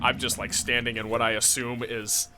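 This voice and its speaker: A man's voice: mid-range voice, little pitch movement, normal speed, background noise. A man playing a tabletop game, joking and teasing the others in casual banter. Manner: playful and joking. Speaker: player.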